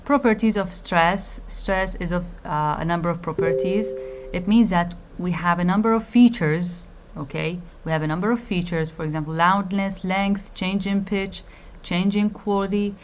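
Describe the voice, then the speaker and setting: A woman lecturer, an Arabic speaker, teaching a phonetics class slowly, with many fillers, repeated phrases and asides in Arabic. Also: on the low side, a little hiss or hum. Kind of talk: recorded lecture.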